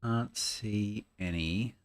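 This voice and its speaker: A man's voice: fairly low pitch, drawn-out words. A man giving casual gameplay commentary, thinking aloud as he plays, often mumbling and trailing off. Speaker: gameplay streamer.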